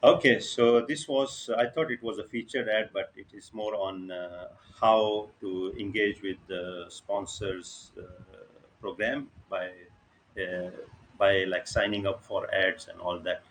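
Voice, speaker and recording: A fairly low-voiced man teaches over a video call, with a light hiss of room noise underneath. He talks in a halting, casual way, filling pauses and checking that the group keeps up. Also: fairly even intonation. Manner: halting, many fillers, checks in with listeners. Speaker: online workshop instructor. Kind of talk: casual live teaching over screen share.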